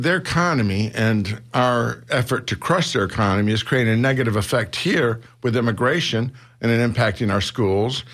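A man's voice: mid-range voice, a bit bright. A man, a newspaper publisher, explaining his views earnestly as a guest in a radio interview. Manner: earnest, explanatory, builds to rhetorical questions. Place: radio studio.

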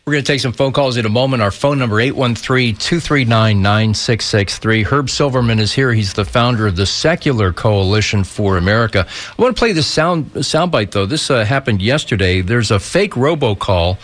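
A man hosting a call-in radio talk show, brisk and chatty, laughing easily with his guest. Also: medium pitch, fairly bright tone.

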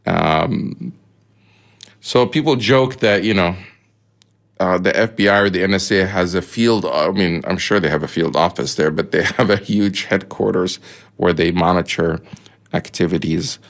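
A man with a fairly low voice co-hosts a casual radio talk show. He explains the news in a loose, chatty way, full of fillers and side remarks. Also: a little slow, vocal fry.

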